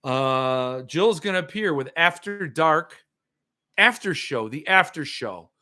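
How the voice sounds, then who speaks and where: A man's voice: on the high side, lively intonation, takes it slowly, sharp tone. A man hosting a livestream, ranting sarcastically and answering viewer comments in casual chat. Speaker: podcast host.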